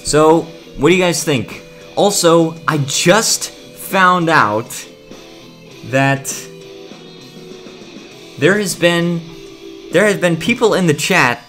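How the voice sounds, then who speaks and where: A man's voice: on the high side, expressive, slow pace, pauses often, fairly bright tone, faint music behind. Chatty man streaming a game. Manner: rambling with frequent restarts. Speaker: gaming streamer. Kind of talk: casual live-stream chat.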